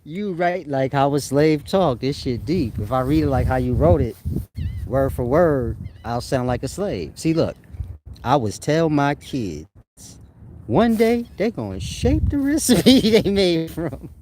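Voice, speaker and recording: A man speaking straight to his viewers in a loose, slangy monologue. He laughs often and drifts from point to point, dropping into a low, unhurried preaching tone when he wants to make a point land. There is a faint bit of background noise behind him. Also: sing-song, dark tone. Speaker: online teacher reading viewer comments. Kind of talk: casual spoken monologue.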